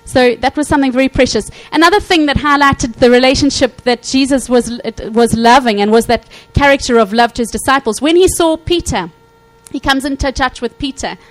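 A woman preaching a sermon in a fairly high voice. She is animated and acts out scripture scenes. She checks in with her listeners as she goes. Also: brisk, few pauses, low-quality recording. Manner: animated, acts out quotes, frequent "okay?" check-ins.

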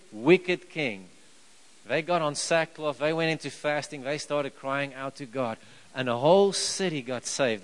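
A man preaches a sermon conversationally in a mid-range voice on a rough recording. He asks the crowd rhetorical questions and chuckles as he tells the story.

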